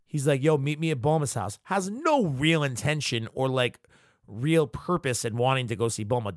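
Podcast host, male, mid-pitch, casual swearing fan recap, dry close sound. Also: no echo. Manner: loose, slangy, profane, retells scenes.

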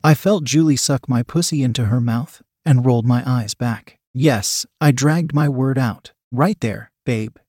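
A man reading a first-person story aloud as a steady narrator. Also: medium pitch, moderate pace, few pauses, no echo, clean studio sound. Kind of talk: scripted narration.

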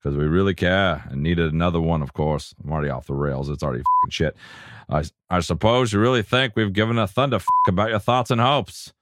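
A man doing a halting impression of a famous deep-voiced film narrator, reading a crude comic poem and now and then barking a gruff colonel's catchphrase. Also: fairly bright tone, no room sound, clean studio sound. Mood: mock solemn. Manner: halting, breaks off laughing.

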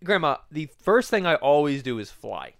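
Young guy ribbing his grandma at home, kinda high voice, cusses a lot, dry close sound. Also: sing-song, moderate pace, no room sound. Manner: teasing, exasperated, swears freely. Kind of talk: casual chat.

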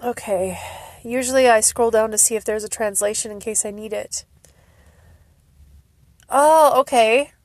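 Woman, solo podcast host, tearful and gushing, slow unhurried pace, dry close sound. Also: on the high side, dry recording. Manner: emotional, laughing and tearful, gushing. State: crying. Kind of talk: casual solo fan podcast.

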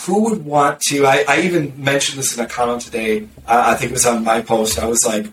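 A blunt, sarcastic man talks marketing in a loose podcast chat, tripping over quick restarts. He sounds set back from the mic in a roomy space. A faint background noise sits under his voice. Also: mid-range voice, fairly even intonation, fairly bright tone, distant mic. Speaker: marketer discussing content strategy. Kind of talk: casual podcast conversation.

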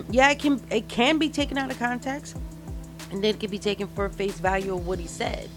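A relaxed woman co-hosting a talk show, chatty and teasing. Music plays behind her. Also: a little high, normal speed. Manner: laid-back, chatty, teasing. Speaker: co-host. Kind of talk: casual radio show chat.

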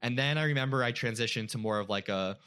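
A man's voice: medium pitch, quick pace, sharp tone, smooth. A young man casually telling an emotional personal story as a guest, with many "like" fillers.

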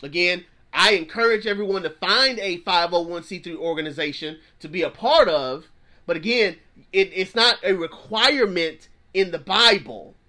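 Male pastor, thirties, fervent preacher, bright tenor voice, repeats himself for emphasis. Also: high-pitched. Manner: fervent, repeats phrases, plain-spoken slang. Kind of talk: preaching sermon.

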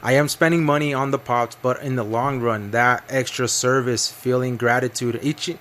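A man's voice: medium pitch, fairly even intonation, normal speed, a bit bright. A man hosting a casual podcast, earnestly explaining how he sells to collectors and acting out customers. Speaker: podcast host, collectibles seller. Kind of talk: casual chat.

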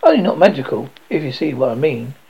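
A man with a gravelly voice voicing a small, nervous male alchemist who talks in a fumbling, apologetic way. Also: medium pitch, very animated, full character voice. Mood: nervous, eager. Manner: fumbling, apologetic, halting delivery. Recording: dull lo-fi audio.

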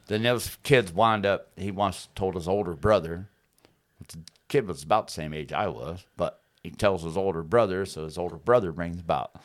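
A man telling rowdy fight stories in casual podcast chat, swearing freely and laughing as he talks. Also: on the low side. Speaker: podcast host.

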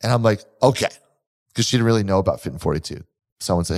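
A gym owner and fitness coach co-hosting a casual podcast tells stories with energy, his low voice coming out rapid-fire. He's animated and acts out quotes as he goes.

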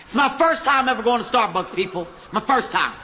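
A man doing stand-up, telling a story in short, punchy, deadpan lines and slipping into acted voices. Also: extremely high pitch, brisk, a little hiss or hum. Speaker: stand-up comedian.

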